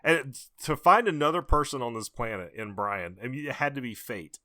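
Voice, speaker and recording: A man's voice: mid-range voice, lively intonation, moderate pace, bright, forceful tone, dry recording, studio quality. A man co-hosting a podcast in casual chat, telling stories and laughing at them. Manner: storytelling, laughs at his own anecdotes. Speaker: podcast co-host.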